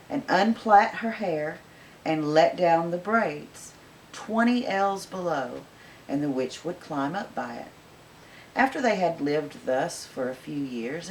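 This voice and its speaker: Woman storyteller, gentle expressive reading, slightly low pitch. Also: a little hiss or hum, rough recording. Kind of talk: reading a fairy tale aloud.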